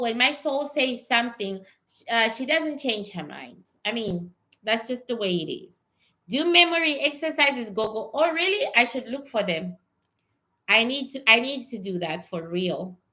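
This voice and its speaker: A woman's voice: fairly high pitch, sharp tone. A woman talking casually on a livestream as a psychic reader, answering viewers bluntly and with some swearing, often repeating herself.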